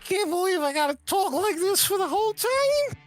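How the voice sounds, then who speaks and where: A man voicing a cursed werewolf forced into a whiny, nasal, high-pitched voice during a tabletop game. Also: sing-song, normal speed, soft background music. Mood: complaining. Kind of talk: tabletop role-play.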